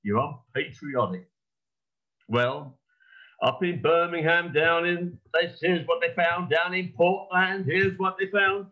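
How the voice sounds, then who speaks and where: A man performing a rhythmic talking blues recitation in a put-on American accent, with a lively, sardonic delivery. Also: on the high side, slow, phone-quality sound. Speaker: folk club performer. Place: home during online session.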